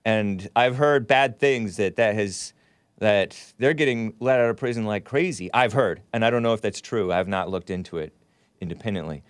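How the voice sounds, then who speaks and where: A man's voice: lowish voice, moderate pace, smooth, no echo. Opinionated man ranting, dry close sound. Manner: opinionated, rambling, reads comments aloud. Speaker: host. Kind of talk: solo commentary livestream.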